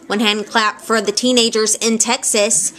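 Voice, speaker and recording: Rambling, animated woman vlogger. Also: on the high side. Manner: rambling, animated, quick to laugh. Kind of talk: casual storytelling vlog. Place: at home indoors. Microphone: handheld camera at arm's length.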